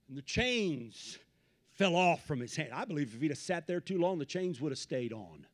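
A man preaching a Pentecostal sermon, swinging from low asides to shouted peaks and repeating phrases in a rhythmic build. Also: big pitch swings, moderate pace. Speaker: pastor.

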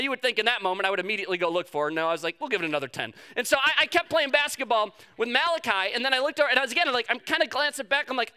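A man's voice: very high voice, sharp tone, clean tone. A man preaching a sermon, telling a personal story with self-mocking humor and acting out the quotes. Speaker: pastor.

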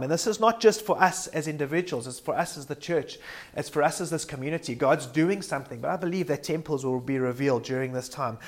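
A man preaching a sermon in an earnest, reflective way, sometimes restarting words mid-sentence. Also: on the high side.

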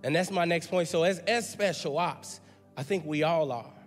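Pastor guy preaching, chatty and emphatic, repeats himself, soft music behind. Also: fairly high pitch, moderate pace. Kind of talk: sermon. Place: church sanctuary. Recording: long hall reverb.

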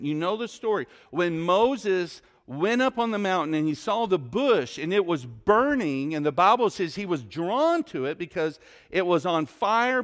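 A male pastor preaching a sermon in a church, emphatic, with rhetorical questions and dramatic pauses. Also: high voice. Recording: long hall reverb.

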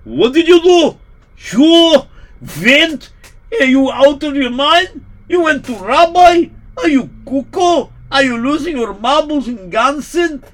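A man playing an excitable priest who speaks broken English, in a live told story. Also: slow pace. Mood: alarmed. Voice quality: broken English, high-strung. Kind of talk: live storytelling role-play.

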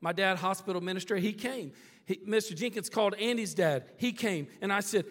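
A man preaching a sermon, telling a story with animated drama and checking in with the crowd with "all right?" and "okay?". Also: sits high, moderate pace. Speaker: pastor. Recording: long reverb of a big hall.

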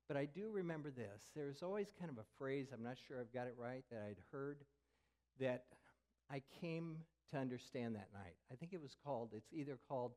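Older male pastor, mid-pitched, sermon delivery, candid confessional storytelling. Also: a little mellow. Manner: candid storytelling, drops to a whisper for effect.

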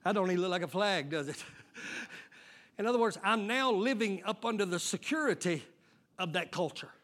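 A pastor preaching a sermon, breaking into shouted, call-and-response bursts. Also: male voice, sits high, expressive, moderate pace.

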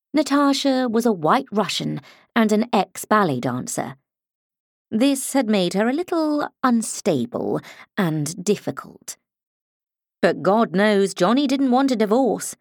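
A woman reading a crime novel as an audiobook, in an expressive storytelling manner. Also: mid-range voice, no echo, studio quality. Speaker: audiobook narrator. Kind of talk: scripted narration.

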